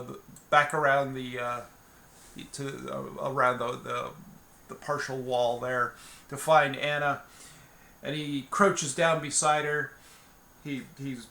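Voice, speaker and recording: A man's voice: a little high, pushed and bright. A man narrating a solo tabletop game in a loose, rambling way, often restarting his sentences. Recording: roomy echo.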